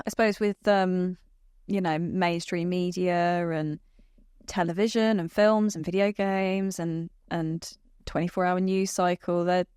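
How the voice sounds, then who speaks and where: Low-voiced woman podcast host, reflective. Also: darkish tone, smooth, dry recording, studio quality. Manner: reflective, attentive listener. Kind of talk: conversational interview.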